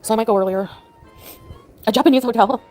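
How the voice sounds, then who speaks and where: Upset woman on a livestream, rambling super fast, faint music behind. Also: a little high, darkish tone. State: distressed. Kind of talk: casual live chat.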